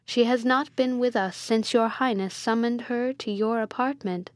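A woman's voice: on the high side, steady tone, moderate pace, dry recording, close to an everyday voice. A dutiful young princess answers her father politely, as a woman reads her. Dry and close. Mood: careful.

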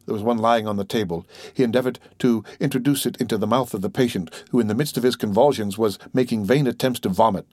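A man narrating a classic novel as an audiobook in a steady, measured way. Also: on the low side, no echo, clean studio sound. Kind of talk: scripted narration.

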